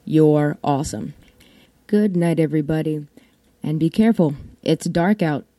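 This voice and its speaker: Mellow, low-voiced woman podcast host. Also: moderate pace, dry recording. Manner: wry, irreverent, swears freely. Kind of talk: casual storytelling monologue.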